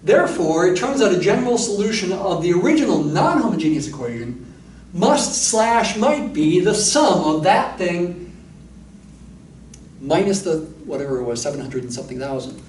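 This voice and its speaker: A man's voice: high-pitched, sing-song, normal speed, darkish tone, recorded from a distance, slight background noise. A man lecturing on mathematics, explaining step by step and thinking aloud with asides. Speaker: math lecturer. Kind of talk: recorded university lecture. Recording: echoey room, voice a little off-mic.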